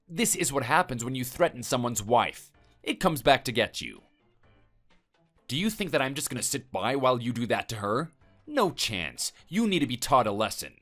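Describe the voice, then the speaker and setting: A man's voice: medium pitch, a bit bright. A man voicing a stern husband in a text message story, lecturing and threatening.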